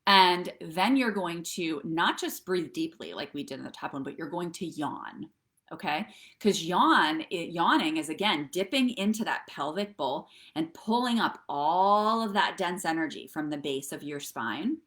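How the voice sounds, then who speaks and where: Middle-aged lady walking you through tapping and breathing, a bit low pitched, lots of "right?" check-ins. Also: lively intonation, unhurried, a bit bright. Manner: chatty, keeps checking in with okay and right. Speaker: wellness coach. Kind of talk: live-streamed breathwork lesson.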